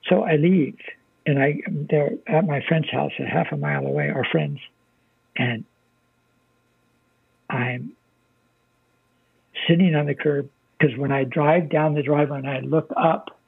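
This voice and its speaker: A man's voice: fairly high pitch, animated, measured pace, vocal fry, pauses often, husky, dry recording. An older American man, a military veteran, telling his story as an interview guest in a plainspoken way, swearing freely. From United States. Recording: dry, phone-like narrow sound.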